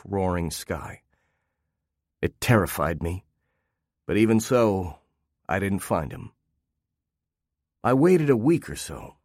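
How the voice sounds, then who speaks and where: A man narrating a first-person story in a steady, even storytelling manner. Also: lowish voice, no echo, clean studio sound.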